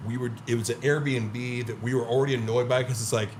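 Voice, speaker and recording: A man's voice: mid-range voice, fairly quick. Male podcast guest, mid-range voice, loose filler-heavy storytelling with voiced-out quotes; faint noise underneath. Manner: animated storyteller, filler-heavy, swears often, acts out quotes. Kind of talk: casual chat.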